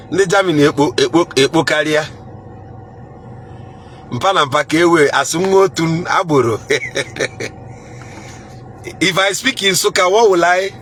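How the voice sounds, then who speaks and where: A playful man with a Nigerian accent chats live with his viewers, chuckling, repeating his words and trying out greetings. His voice sits a little high. Faint traffic noise hums behind him. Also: a bit bright. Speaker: livestream host reading viewer comments. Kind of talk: casual live chat.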